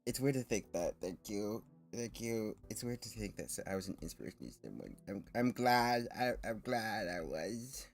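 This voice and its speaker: Low, lively man rambling on stream. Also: fairly quick, vocal fry, hardly any pauses. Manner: rambling, with frequent laughs and restarts; self-consciously nervous. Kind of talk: casual chat with viewers.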